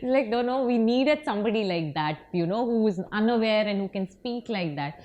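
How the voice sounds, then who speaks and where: A young woman from India, an actress telling stories in a casual interview, animated and laughing as she acts out quoted lines. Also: medium pitch, fast, muffled recording.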